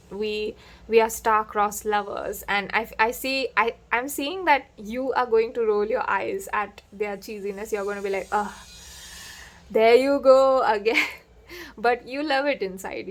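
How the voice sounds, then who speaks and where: A woman giving a casual tarot reading to camera, chatty and playful, laughing often and acting out little quotes. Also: medium pitch. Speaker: tarot reader.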